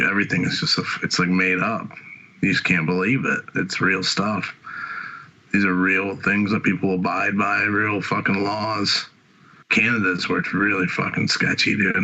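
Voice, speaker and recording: A man's voice: deep voice, little pitch movement, normal speed, pushed and bright, lo-fi sound. A man hosting a podcast, swearing constantly as he rambles through casual profane chat. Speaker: podcast host.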